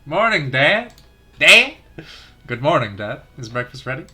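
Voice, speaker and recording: A man's voice: medium pitch, sing-song, a little slow, pushed and bright, soft background music, heavily acted. A man reading as a peppy teenage tomboy. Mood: cheerful. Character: cheerful, energetic teenage tomboy girl. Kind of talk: reading game dialogue aloud.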